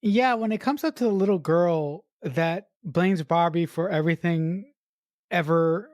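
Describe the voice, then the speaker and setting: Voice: medium pitch, expressive, moderate pace, darkish tone, no room sound, studio quality. Heated, profane podcast co-host. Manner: heated, profane, rants with acted-out retorts. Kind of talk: casual film review chat.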